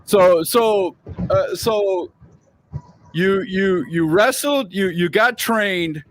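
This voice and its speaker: A man's voice: sits high, very slow, slight background noise. A man hosting a casual interview, friendly and laughing easily, often repeating words as he stumbles. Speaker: podcast interviewer.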